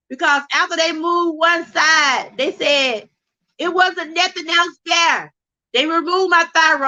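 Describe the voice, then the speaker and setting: On poor audio, a livestream host's voice sits high, bright and forceful. This middle-aged Georgia woman delivers a fervent testimony like a preacher, nearly in tears, calling out to her viewers as "y'all."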